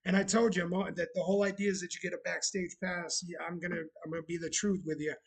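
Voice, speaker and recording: Man, casual live-stream chat, sarcastic, talkative, slightly husky. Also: high voice, level tone, fast talker, rough recording. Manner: chatty and sarcastic, shouting greetings to viewers. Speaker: streamer running a bar roleplay channel.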